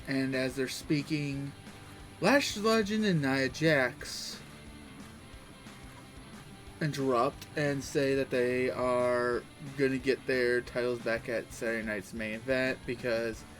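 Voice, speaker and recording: A man casually recapping the week's events, rambling and loosely quoting people as he goes. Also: mid-range voice. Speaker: wrestling recap host. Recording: faint background music.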